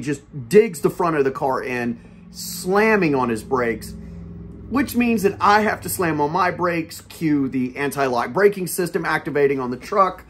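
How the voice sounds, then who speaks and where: A man hosting his channel, telling a story in a casual, animated, profane way. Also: fairly high pitch, husky. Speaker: channel host.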